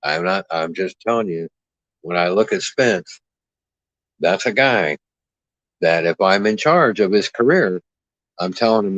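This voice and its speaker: A very deep-voiced man hosts a livestream and trades crude insults in a brash, mocking drawl. The sound is dry and a little dull, like a cheap mic close up. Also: expressive, unhurried, pauses often, fairly bright tone, no echo. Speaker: livestream host. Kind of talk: crude trash-talking livestream chat.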